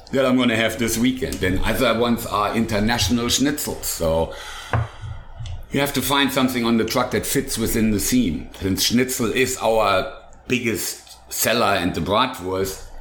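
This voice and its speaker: Older man, food truck chef, low-pitched, rambling and enthusiastic, roomy echo, faint background hum. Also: a bit bright. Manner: rambling, enthusiastic, lists dishes step by step. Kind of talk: casual interview chat.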